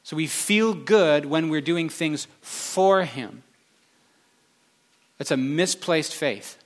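A man's voice: fairly high pitch, animated, slow pace. A male pastor preaching a sermon with passion, stressing his points through repeated phrases.

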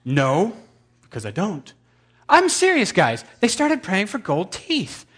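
A man's voice: high voice, huge pitch swings, takes it slowly, slightly rough. A man preaching a humorous sermon, telling stories with sarcastic asides and sudden jumps in volume.

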